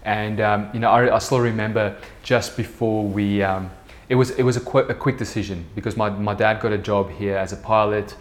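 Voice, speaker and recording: A man's voice: lowish voice, fairly even intonation, normal speed. A man in his thirties from South Africa with an Afrikaans accent, talking casually and rambling with many fillers on his own podcast. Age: 30s. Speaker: podcast host, business co-founder. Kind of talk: casual solo podcast talk.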